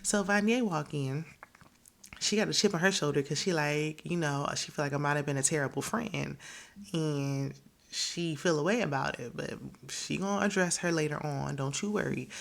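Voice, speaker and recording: A woman's voice: low voice, moderate pace, gravelly. A woman hosting a reality TV recap, chatting casually and gossiping with frequent laughs. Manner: gossipy, animated, laughs often, quotes people in voices.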